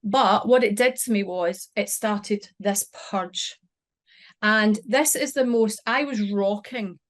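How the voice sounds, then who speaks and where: A middle-aged woman, a podcast guest, recounting a personal experience in an emotional, halting way with many restarts. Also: medium pitch. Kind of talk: personal storytelling.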